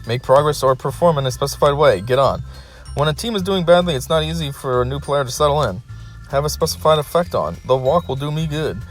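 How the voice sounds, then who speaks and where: A man's voice: fairly high pitch, brisk, soft background music. A man hosting a casual solo video, reading dictionary definitions aloud and breaking off now and then to complain. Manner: reads definitions flatly, breaks off to complain and laugh.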